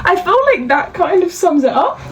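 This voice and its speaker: A woman's voice: very high voice, very animated, normal speed, low-quality recording. A woman co-hosting a podcast in casual chat, ranting in exasperation with repeated rhetorical questions. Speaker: podcast co-host.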